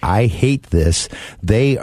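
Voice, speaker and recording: A man's voice: lowish voice, animated, takes it slowly, warm tone, no echo. A man hosting a car-buying talk radio show, chatting in an emphatic, storytelling way.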